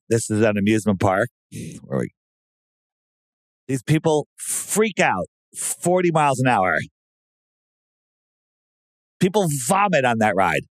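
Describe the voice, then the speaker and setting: A man talking casually and sarcastically, who often breaks into loud mocking impressions of other people. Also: medium pitch, no echo. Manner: animated, sarcastic, mimics voices loudly. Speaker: podcast guest. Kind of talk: casual conspiracy talk.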